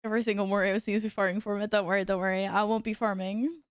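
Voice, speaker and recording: A woman's voice: mid-range voice, level tone, rapid-fire, smooth, no room sound, clean studio sound. A woman streamer chatting casually with her viewers while gaming at home, laughing often and reacting aloud.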